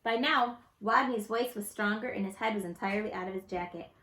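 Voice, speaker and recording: A woman's voice: mid-range voice, fairly quick. A woman expressively reading a children's picture book aloud, recorded in an echoey room. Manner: expressive, lively storybook reading. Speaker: storyteller.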